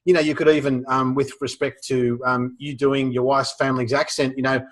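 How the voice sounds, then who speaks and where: A man with an Australian accent giving casual advice on humor, relaxed, with many fillers and restarts. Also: medium pitch, fairly quick. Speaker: guest speaker on humor.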